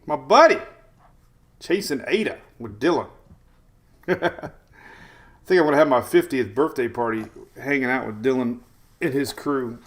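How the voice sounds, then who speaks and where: A man's voice: mid-range voice, lively intonation, moderate pace, long pauses. A man in his forties hosting a casual morning live stream, rambling chattily, greeting viewers by name and talking to his dogs, from his home in Florida. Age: 40s. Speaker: weather streamer host.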